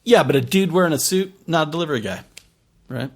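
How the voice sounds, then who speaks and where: A man's voice: on the high side, animated, fast. A man running a tabletop game as game master, describing the scene in a loose, rambling way full of fillers. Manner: rambling, many fillers and restarts.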